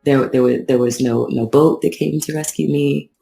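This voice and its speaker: A woman's voice: extremely low pitch, steady tone, normal speed, creaky, dark tone, echoey room, rough recording. A woman co-hosting a podcast, talking casually with dry, self-deprecating wit. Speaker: podcast co-host.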